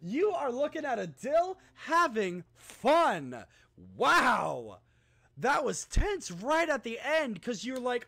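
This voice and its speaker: Male gaming streamer, high and bright with gravelly fry, slow pace, swings between mutters and shouts. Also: no echo. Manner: loud, excitable, swears a lot, shouts at game enemies. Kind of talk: live gameplay commentary.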